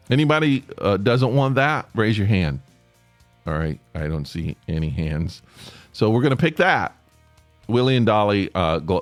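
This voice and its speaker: Podcast host, male, low voice with a lively swing, chatty and rambling, dry close mic with faint music under. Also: no room sound. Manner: rambling, chatty, with many fillers and restarts. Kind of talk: casual solo podcast monologue.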